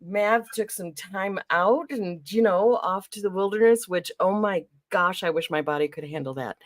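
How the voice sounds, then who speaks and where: A woman's voice: medium pitch, moderate pace, no room sound, clean studio sound. A woman hosting a casual livestream, greeting chat viewers by name and laughing often. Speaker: livestream host. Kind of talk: casual live-stream chat.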